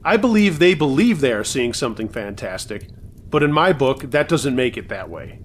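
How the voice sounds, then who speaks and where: A man's voice: medium pitch, sing-song, normal speed, a little hiss or hum. A man reading submitted true scary stories aloud in a conversational way, with wry asides.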